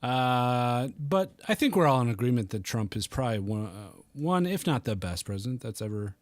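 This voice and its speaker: A young man hosting a casual gaming podcast, joking around in a relaxed way and laughing often. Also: mid-range voice, normal speed, dry recording, studio quality. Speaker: podcast host.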